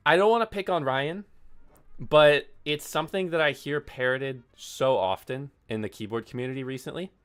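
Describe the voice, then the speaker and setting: A man's voice: medium pitch, fairly bright tone. A man hosting a keyboard vlog, ranting in an exasperated, sarcastic way and apologizing between outbursts. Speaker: keyboard video host.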